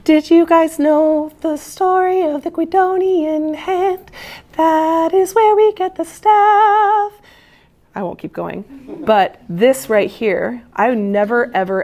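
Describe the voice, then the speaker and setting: A music teacher addressing fellow teachers in a brisk, playful workshop style. Her voice sits on the higher side, and she slips into children's reactions as she tells a story. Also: fairly even intonation, a little mellow.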